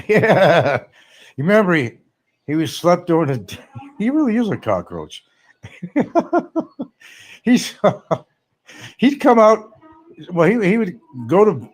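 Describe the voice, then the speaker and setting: A man hosting a casual livestream, rambling sarcastically and reading chat comments aloud. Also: on the high side. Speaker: livestream host.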